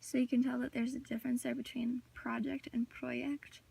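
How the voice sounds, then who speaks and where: A woman's voice: fairly high pitch, level tone, a little fast, creaky, dark tone, husky. A teenage girl giving a class project presentation, reading a prepared talk with occasional filler words. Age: teens. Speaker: student presenter. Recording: voice distant from the mic.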